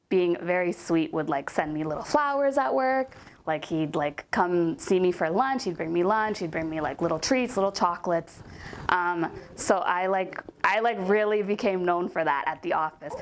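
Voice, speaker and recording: A woman's voice: lowish voice, moderate pace. A young woman telling a casual storytime about a coworker, chatty and full of "like" and "um" fillers.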